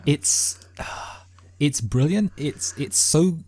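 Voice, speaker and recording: A man's voice: fairly high pitch, very slow, a little mellow. A man co-hosting a film review podcast, thinking aloud in casual chat and using words like bloody and mate. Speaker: podcast co-host.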